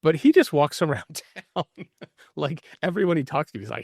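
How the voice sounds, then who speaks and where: A man with a slightly high voice, talking at normal speed, co-hosts a podcast in casual movie-review chat. He laughs about a bad horror movie and tells stories in a lively, animated way, recorded in studio quality with no echo.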